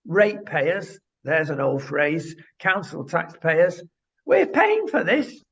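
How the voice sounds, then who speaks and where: A man's voice: a little high, huge pitch swings, slow, gravelly, a bit bright, slightly rough. A man co-hosting a talk show who speaks indignantly and addresses the viewer directly. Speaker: co-host. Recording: dull lo-fi sound.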